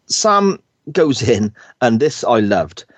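A man's voice: medium pitch, very animated, slow, no echo. A man, co-hosting a podcast and recapping an episode in a chatty, storytelling way. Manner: chatty storyteller, laughs often. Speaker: podcast co-host. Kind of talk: casual episode recap chat.

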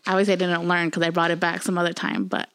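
A woman's voice: on the low side, flat delivery, racing, a bit bright, no room sound. Woman podcast co-host, casual storyteller, curses freely, plays all the parts herself, dry sound. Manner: storytelling, swearing, acts out quotes. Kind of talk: casual chat.

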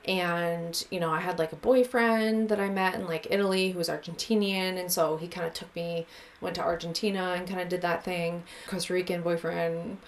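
A woman's voice: on the low side, steady tone, moderate pace. A woman guest telling a travel story in a casual interview, rambling and filling her speech with "like" and "um". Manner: rambling, heavy with "like" and "um".

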